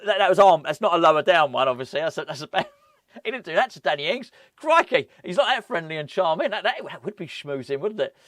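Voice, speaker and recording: A man hosting a casual football vlog, rambling and animated, often breaking off with laughs. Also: fairly high pitch, fast talker, no room sound. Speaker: football fan channel host.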